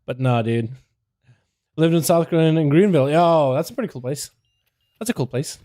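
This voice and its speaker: A man's voice: on the high side, animated, dark tone. A young man casually calling a match as a live game streamer. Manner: casual, chatty, fast play-by-play.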